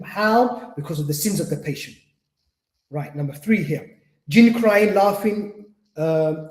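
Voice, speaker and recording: A man with a high, slightly mellow voice teaches a lecture at an Islamic centre. He speaks earnestly, repeats himself and acts out the words of patients he quotes, and the room echoes around him.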